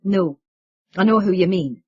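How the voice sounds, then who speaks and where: Woman as bitter young man, curt and flat, husky, lo-fi. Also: mid-range voice, a little slow, dry recording. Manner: flat, curt, then yelling.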